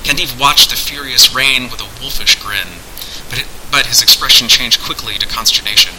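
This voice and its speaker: Bright-voiced man reading fantasy. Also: mid-range voice, moderate pace, a little hiss or hum, low-quality recording. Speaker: narrator. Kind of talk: audiobook fantasy narration.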